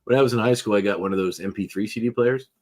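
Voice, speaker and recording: Rambly podcast guy, kinda low voice, lots of ums and likes, just chatting. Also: racing, darkish tone. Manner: rambling, chatty storyteller with frequent fillers and laughs. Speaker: podcast co-host. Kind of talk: casual chat.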